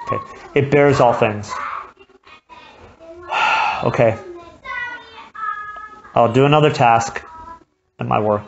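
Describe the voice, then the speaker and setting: A woman with an unusually deep voice delivers a sermon to a church gathering. She talks conversationally and slips into the voices of the people she quotes. The recording sounds a little dull, with a faint hiss behind it. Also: slow, pauses often. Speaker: preacher.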